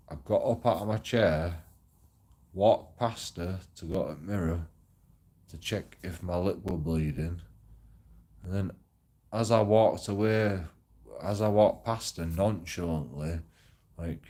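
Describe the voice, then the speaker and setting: Deep and dark, with a breathy edge, this man's voice carries a rambling personal story. He swears heavily and keeps restarting in a casual monologue.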